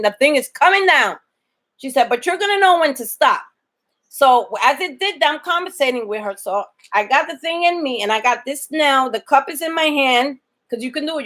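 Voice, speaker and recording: A woman telling a personal story to the camera in a casual, animated way, acting out the dialogue she quotes and swearing freely. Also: high voice. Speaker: vlogger.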